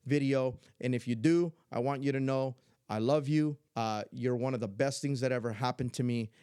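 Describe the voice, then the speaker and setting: A middle-aged grandfather speaks to his viewers in a heartfelt, earnest way. His voice sits at an ordinary pitch and he keeps circling back to make his point. The recording is dry and close, with no room sound. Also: steady tone, normal speed, warm tone, clean tone, no room sound. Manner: earnest, heartfelt, repeats himself for emphasis. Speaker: YouTuber and grandfather. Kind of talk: casual vlog monologue.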